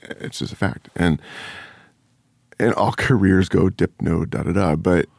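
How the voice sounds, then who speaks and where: A man's voice: deep voice, fairly even intonation, unhurried, creaky, a little mellow, dry recording, clean studio sound. A man, an actor being interviewed, talking candidly and bluntly in casual conversation, with the odd swear word. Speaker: actor guest.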